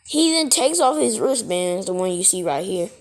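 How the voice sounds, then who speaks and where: A woman narrates a fan-made story in a loose, casual way. She rambles, backtracks and corrects herself mid-sentence in a middle-pitched voice. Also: sing-song, normal speed.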